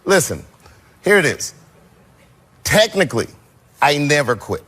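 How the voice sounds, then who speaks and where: A comedian talking casually about his craft as a talk show guest, easygoing and at times loud and laughing. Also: a little high, very animated, measured pace, breathy edge. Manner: laid-back, swings from soft reflective to loud and laughing.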